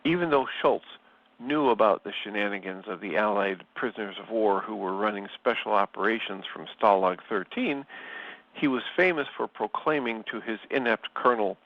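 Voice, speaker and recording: A man leading a spiritual study, reading passages and reflecting on them in a slow, measured and thoughtful way. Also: on the low side. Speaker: study group leader. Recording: slightly dull, lo-fi sound.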